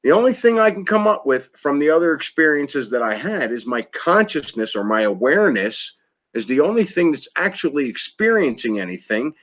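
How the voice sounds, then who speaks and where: A man's voice: on the high side, big pitch swings, a little fast, fairly bright tone. A man with an American East Coast accent hosting a casual interview, talking emphatically and repeating himself. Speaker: host. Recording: lo-fi muffled audio.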